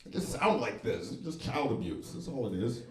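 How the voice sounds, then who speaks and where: A man doing a stand-up set in a comedy club, deadpan and wry, with very crisp, proper diction. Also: mid-range voice, brisk. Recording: echoey club room.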